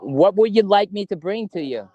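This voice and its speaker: A man, slowly asking spirits questions during a ghost hunt in a cemetery. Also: high voice, lively intonation, mellow, dry recording, muffled recording. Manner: slow, coaxing questions with long pauses. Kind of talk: paranormal investigation, talking to spirits. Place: cemetery at night.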